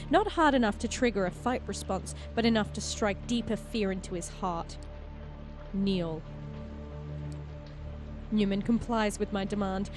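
A woman hosting a game playthrough, reading the story text aloud with expressive, storytelling delivery. Between passages she chats casually in a mid-range voice. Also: mid-range voice. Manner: expressive storytelling narration, quick to laugh. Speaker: player and host of a game playthrough.

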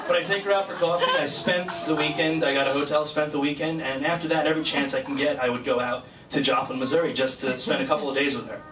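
A man of middle pitch speaks from a stage at a graduation ceremony, telling a personal story in an earnest, chatty way. He is picked up from far away. The hall echoes, and a steady ambient noise sits under his voice. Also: fast talker, hardly any pauses, crowd noise. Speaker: guest speaker, flight crew member. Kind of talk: personal speech with anecdote. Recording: distant mic in echoey hall, noisy.

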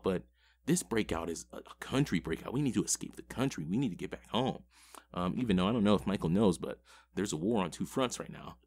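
A man's voice: lowish voice, darkish tone, slight background noise. A man giving a casual, rambling episode recap of a TV show, swearing constantly. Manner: profane, rambling. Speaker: TV show reviewer.

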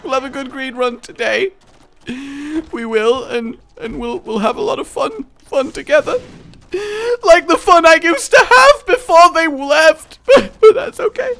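A man's voice: extremely high pitch, lively intonation, measured pace, bright, forceful tone, soft background music, pitched above the performer's own voice, full character voice. A man putting on a melodramatic, self-pitying gaming commentator with a whiny voice. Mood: mopey. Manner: whiny, melodramatic sighing delivery.

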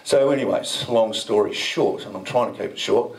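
A man's voice: on the low side, normal speed, far from the mic, poor audio. A man speaking at a conference, telling a story to the audience in a loose, chatty way with rambling asides and mild swearing. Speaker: conference speaker, crypto business founder. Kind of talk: casual storytelling talk to an audience. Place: indoor event venue.

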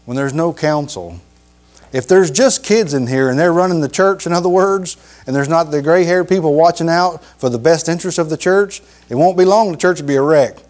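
Emphatic folksy preacher. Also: male voice, a little mellow. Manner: folksy, emphatic, repeats phrases, drops low for emphasis. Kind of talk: sermon.

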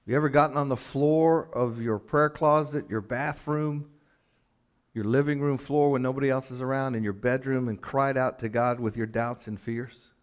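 A man preaching a church sermon with rising passion, asking the congregation direct questions and then dropping to a soft, slow voice. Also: mid-range voice, fairly even intonation, clear, resonant tone. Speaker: pastor.

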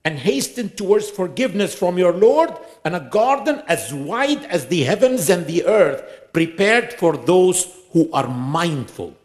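A man preaches a sermon in a mosque with emphasis, asking rhetorical questions and reciting scripture in quick bursts. His voice is high-pitched and sing-song.

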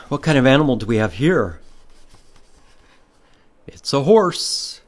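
A man's voice: medium pitch, a little slow, pauses often. A man reading a picture book aloud to children at library storytime, asking them questions along the way. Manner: animated, asks children questions, makes animal sounds.

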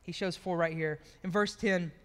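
A man's voice: high voice, fairly even intonation, moderate pace, a bit bright, smooth, big-room sound. A man preaching a conversational sermon in a church, telling stories as he goes. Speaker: pastor.

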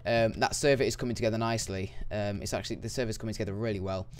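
A young man giving casual, excitable gameplay commentary that swings into loud, frustrated yelps. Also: fairly low pitch, very fast, slight background noise. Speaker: gaming YouTuber.

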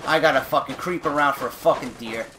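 A man's voice: mid-range voice, fast, noisy background. Angry cursing gamer guy. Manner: angry profane ranting; swings between muttering and shouting. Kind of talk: let's play commentary.

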